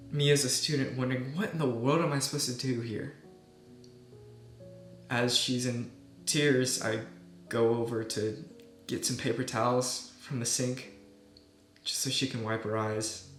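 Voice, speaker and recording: A young man, a medical student, earnestly telling a personal story in a soft voice that often trails off quietly. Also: medium pitch. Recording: echoey room with soft guitar music.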